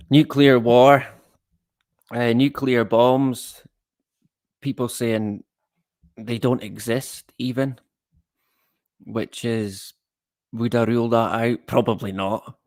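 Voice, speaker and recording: A man's voice: medium pitch, no echo, clean studio sound. A man hosting a casual livestream. He rambles from one thought to the next, greets viewers by name and chuckles at his own jokes. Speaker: livestream host.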